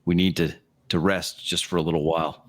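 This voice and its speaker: A man playing a character in a tabletop game, calm and in character. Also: deep voice, fairly quick. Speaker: player.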